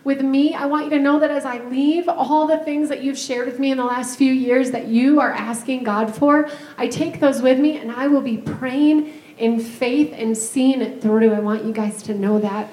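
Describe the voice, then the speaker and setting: A woman's voice: high-pitched, fairly even intonation, moderate pace, a little mellow. A woman, a pastor's wife, giving a heartfelt, tearful farewell to her church. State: crying. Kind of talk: emotional farewell address. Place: church sanctuary. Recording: echoey church sanctuary.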